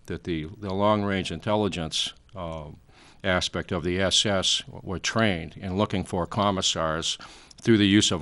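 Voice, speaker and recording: A man's voice: low voice, fairly bright tone. A man in his sixties, a talk show guest, lecturing at length in a rambling way with many fillers. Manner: frequent fillers, trailing off.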